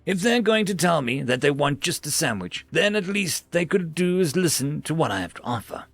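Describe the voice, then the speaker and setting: Animated gravelly male narrator. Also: on the high side, moderate pace, faint music behind. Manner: animated, wry. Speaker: story narrator. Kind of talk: dramatic sci-fi story narration.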